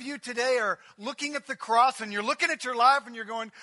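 A man preaching a sermon as a pastor, delivering it with passion and building up to near-shouting on emphatic passages. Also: very high-pitched, brisk, hardly any pauses, no room sound.

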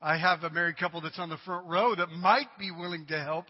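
A male pastor preaching a sermon to his congregation, dramatic and humorous, swinging from loud cries to quiet asides. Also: on the high side, steady tone, a little fast. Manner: humorous, addresses the congregation directly. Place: church sanctuary. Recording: dull recording with long hall reverb.

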